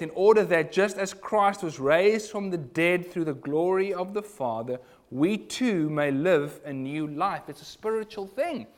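A man preaching a sermon, earnest, moving between loud emphasis and hushed asides. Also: fairly high pitch.

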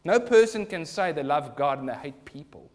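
A male pastor delivering a sermon in a church, earnest and at times forcefully emphatic. His voice sits a little higher than most men's. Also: expressive, moderate pace. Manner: earnest preaching, rising to emphatic bursts.

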